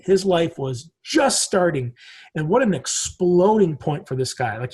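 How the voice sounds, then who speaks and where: A man's voice: high-pitched, a little mellow, slightly rough. A man in his forties, a podcast guest in casual conversation, telling rambling stories and swearing casually. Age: 40s.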